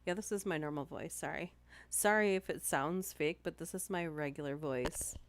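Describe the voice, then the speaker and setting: Soft-spoken woman streamer, low voice. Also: moderate pace, a little hiss or hum. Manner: soft-spoken, close to the mic. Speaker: streamer reading stories. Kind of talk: reading stories aloud to live chat. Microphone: close-up microphone.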